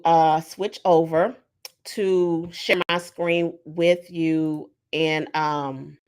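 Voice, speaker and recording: Brief: woman on a video call, fairly low voice, casual teaching tone, loose and chatty with fillers. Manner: conversational, many fillers, acts out sample prompts. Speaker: workshop presenter.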